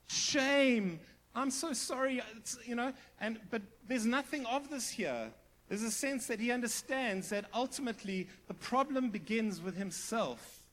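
A middle-aged man, preaching a sermon in an earnest, conversational way, with asides and restarts and sudden drops to a hushed voice for emphasis. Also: very high-pitched. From South Africa. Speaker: pastor.

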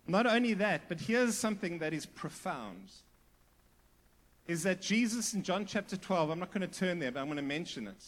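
High-voiced man preaching a sermon. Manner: emphatic, rising to near-shouted repetition; asks the congregation questions. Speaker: pastor.

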